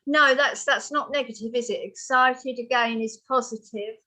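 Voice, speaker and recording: A woman's voice: a little high, steady tone, moderate pace, pushed and bright. A woman tutoring for an English exam, patiently explaining word meanings to a student. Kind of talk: one-on-one vocabulary lesson.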